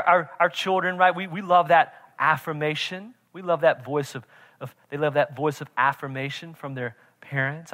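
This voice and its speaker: A man preaching a sermon as pastor, emphatic, swinging from shouts to quiet intensity and often checking in with "right?". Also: fairly high pitch. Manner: emphatic, repeats "right?" to the congregation.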